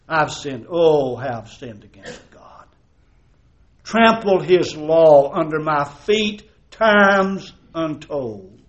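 Man, pastor, sermon, higher voice, loud and hushed swings, rhetorical questions. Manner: preaching with dramatic swings from loud emphasis to hushed tones; folksy storytelling with repeated rhetorical questions.

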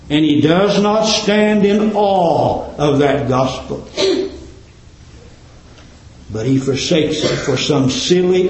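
Man preaching, fiery rises and hushed drops, slightly high voice, roomy church sound. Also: slight background noise. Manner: fervent, rising to high emphatic peaks and dropping to low quiet endings. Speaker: pastor. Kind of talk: sermon.

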